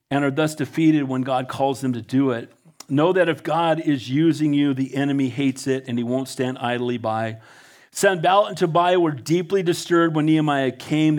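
A male pastor delivers a sermon with fervent energy. His voice sits a little on the high side. He reads scripture aloud and urges his listeners on.

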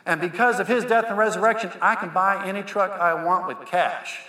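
A preacher voicing God as a folksy cowboy. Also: male voice, sits high, brisk, pushed and bright. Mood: firm. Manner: folksy, preachy, calls listener son. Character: God as fatherly cowboy, firm and loving. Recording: echoey hall with long reverb.

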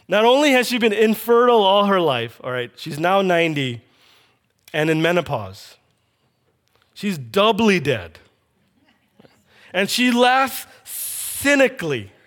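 A man's voice: sits high, sing-song, measured pace, pauses often, fairly bright tone. A man preaching a sermon, telling a scripture story with animation and acting out the quoted lines.

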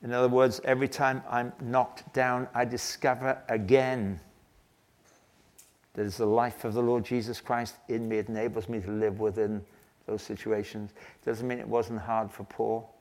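An older man preaching a sermon, telling a story earnestly and slowing down to stress key phrases. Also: mid-range voice, little pitch movement. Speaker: pastor.

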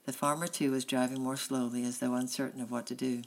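A woman narrating a children's novel in a steady, plain reading voice. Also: a bass voice, fast, poor audio. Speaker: audiobook reader. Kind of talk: storybook narration.

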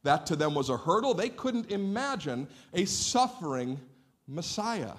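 A man preaching a sermon as a pastor, in a lively, conversational way that plays out what listeners might say. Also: on the high side, measured pace. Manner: animated, conversational preaching with mock-quoted listeners. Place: church sanctuary.

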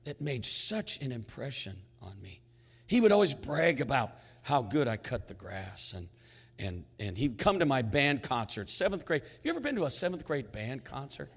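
A man in his sixties preaching a sermon, telling stories in a lively, humorous way that swings between hushed and loud. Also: mid-range voice, moderate pace, slightly rough. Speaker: pastor. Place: church sanctuary. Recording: long hall reverb in sanctuary.

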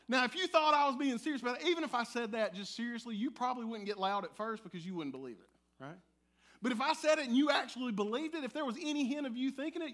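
A male pastor delivering a sermon in a church, animated and conversational, with playful asides to the congregation. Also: extremely high pitch. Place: church sanctuary.

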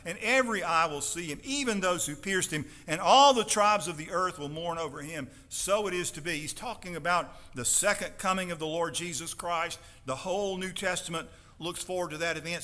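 Emphatic preacher in a reverberant church. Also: male voice, high voice. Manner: emphatic preaching, swelling to loud declarations. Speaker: pastor. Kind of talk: sermon. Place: church sanctuary.

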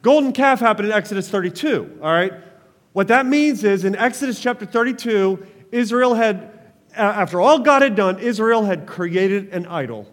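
A man's voice: high voice, lively intonation, moderate pace, long reverb tail. A man preaching a sermon as pastor, passionate, calling on the congregation to respond.

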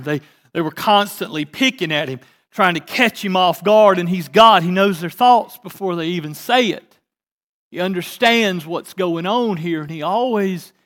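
A man preaching a sermon as pastor, swinging between emphatic rising bursts and quiet asides. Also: fairly high pitch. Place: church sanctuary.

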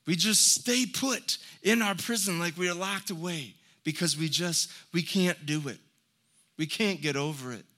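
High, bright-voiced preaching man. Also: unhurried. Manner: earnest, building to emphatic exhortations; folksy storytelling with light laughs. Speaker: pastor. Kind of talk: sermon.

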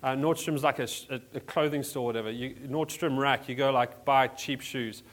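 A man's voice: mid-range voice, steady tone, normal speed. A man from South Africa preaching a sermon as a pastor in a church, in a conversational way with frequent restarts. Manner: conversational, restarts often, many fillers.

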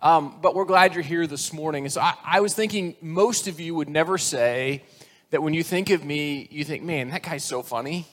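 A man's voice: a little high, moderate pace, a bit bright, long reverb tail. A man in his forties preaching a sermon as pastor, conversational and self-deprecating, slipping into voiced characters when he tells a joke.

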